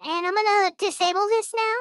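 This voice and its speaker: A man speaking through an AI voice changer that turns him into a small high-voiced girl companion, talking casually. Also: fairly even intonation, brisk, fairly bright tone, no room sound, studio quality. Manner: casual demo talk.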